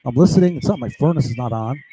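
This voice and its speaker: A man's voice: medium pitch, fast, warm tone, slight background noise, low-quality recording. A man talking in an agitated, rambling monologue from home, with lots of restarts and asides. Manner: agitated, digressive, many restarts and "right?" tags. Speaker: vlogger.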